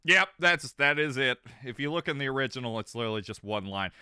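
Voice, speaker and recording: A man casually chatting on a livestream, animated and laughing, with plenty of swearing. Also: mid-range voice, fast, clear, resonant tone, dry recording, studio quality. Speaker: streamer.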